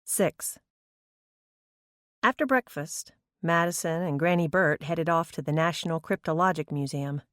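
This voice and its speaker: Dry, even audiobook narrator. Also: female voice, low voice, measured pace, no echo.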